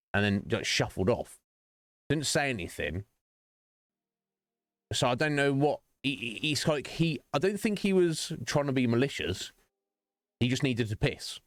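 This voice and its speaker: A man's voice: lowish voice, no room sound. A man streaming, chatting casually in a rambling, profane way with many restarts. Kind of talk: casual chat while streaming.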